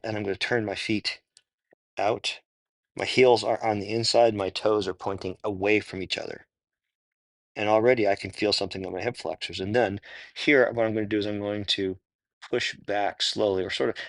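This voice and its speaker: A man's voice: fairly low pitch, creaky, fairly bright tone, no room sound. A man casually talking through a stretching routine on the floor, thinking aloud, correcting himself and grunting with effort. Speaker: stretching instructor. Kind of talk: casual spoken walkthrough of stretches.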